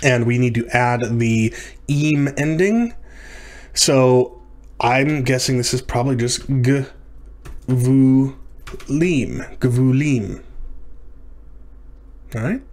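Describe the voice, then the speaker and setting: A man's voice: mid-range voice, very slow, a little mellow. A man teaching from his computer, thinking aloud as he works through exercises, correcting himself and sounding out words. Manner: thinking aloud, self-correcting, frequent fillers. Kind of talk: screen-recorded lecture practice.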